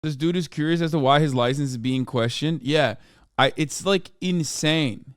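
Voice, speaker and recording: A man's voice: on the high side, normal speed, dry recording, studio quality. A man hosting a casual live-stream reaction, talking bluntly with lots of swearing and incredulous outbursts. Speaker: streamer host.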